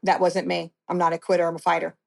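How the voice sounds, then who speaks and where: A woman's voice: lowish voice, completely flat delivery, fast, creaky. A middle-aged woman giving a blunt, conversational account of her past as an interview guest. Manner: blunt, conversational storytelling with restarts.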